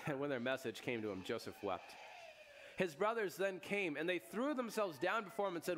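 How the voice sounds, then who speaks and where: A man as a pastor giving a sermon, retelling a scripture story with casual asides and chuckles, his voice jumping to loud, high bursts and then dropping to hushed, solemn lows. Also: expressive, normal speed, a little hiss or hum. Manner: chuckles and asides in everyday speech.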